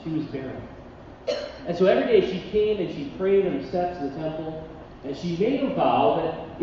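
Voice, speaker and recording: A man preaching a sermon, reading scripture with dramatic pauses and chatting with the congregation between passages. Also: sits high, a little hiss or hum. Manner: expressive Bible reading, dramatic pauses, conversational asides. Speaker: pastor. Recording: distant mic in a reverberant hall, dull sound.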